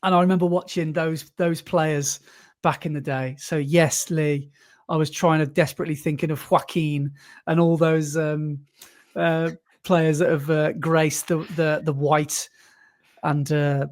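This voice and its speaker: A man from the UK talks casually on a podcast, rambling with fillers and quick restarts. His voice sits a little high for a man. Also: fairly even intonation. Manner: chatty, enthusiastic, many fillers and restarts. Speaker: podcast co-host. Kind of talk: casual chat.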